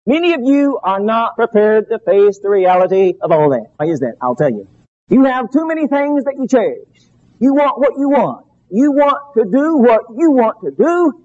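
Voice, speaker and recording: Fervent high-pitched preacher, lo-fi. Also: male voice, darkish tone. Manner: fervent, emphatic, with dramatic pauses. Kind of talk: sermon. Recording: dull lo-fi recording.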